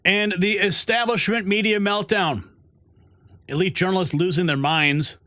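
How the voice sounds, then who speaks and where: A man's voice: sits high, fairly even intonation, moderate pace, pushed and bright, no room sound, clean studio sound. A man hosting a news show with emphatic, promo-style delivery. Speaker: show host.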